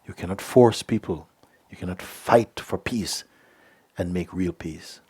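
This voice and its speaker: A middle-aged man teaching as a spiritual teacher at a satsang, speaking gently and unhurriedly, often checking in with "you see?" and sometimes sinking to a soft whisper. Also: deep voice, unhurried, husky. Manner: drops to a soft whisper at times. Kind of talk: satsang talk answering a letter.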